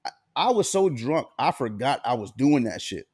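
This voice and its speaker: Podcast co-host from Alabama, lively pitch, dry close sound, loose profane storytelling. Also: male voice, moderate pace, slightly rough, no room sound. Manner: laid-back, profane storytelling with laughs. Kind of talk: casual chat.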